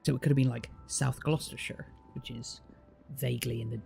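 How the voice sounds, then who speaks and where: Man, Bristol West Country accent, deep fry in the voice, rambling livestream chat, faint background music. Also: fairly even intonation, a little fast, darkish tone. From Bristol, England. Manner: curious, rambling, many restarts and fillers. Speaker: streamer chatting with a guest.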